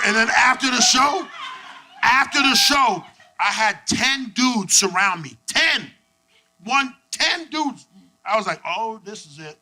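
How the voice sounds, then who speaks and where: A young man doing stand-up on a club stage, loud and profane as he works the crowd. His voice sits high and swings wildly in pitch. The live recording carries a clear layer of noise. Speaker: stand-up comedian. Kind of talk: stand-up comedy set.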